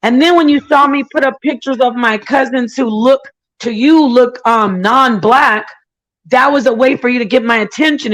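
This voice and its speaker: A woman's voice: fairly high pitch, poor audio. Indignant woman ranting on a stream. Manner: indignant, storytelling with mocking impressions. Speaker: channel host. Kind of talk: casual livestream rant.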